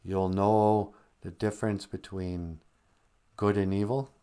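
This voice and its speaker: A man's voice: fairly low pitch, flat delivery, slow, dark tone, smooth. A man voicing a sly male snake who tempts with a hissing, coaxing whisper in a comic story.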